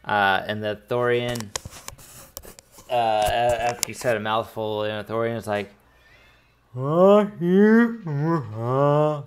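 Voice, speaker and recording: A man's voice: fairly low pitch, flat delivery, measured pace, noisy background. A man narrating as game master of a tabletop game, rambling with many restarts.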